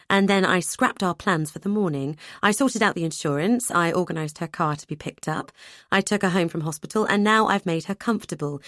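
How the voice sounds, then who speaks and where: A woman's voice: fairly low pitch, no room sound, clean studio sound, natural voice. A woman voicing a brusque, dutiful adult brother who talks bluntly and matter-of-factly in an audiobook.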